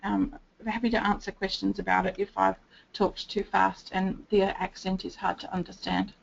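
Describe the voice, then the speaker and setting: Gravelly woman presenting a training talk. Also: mid-range voice, level tone, normal speed, a little hiss or hum. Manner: explains steadily, acting out gentle sing-song phrases to a child. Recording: dull lo-fi recording.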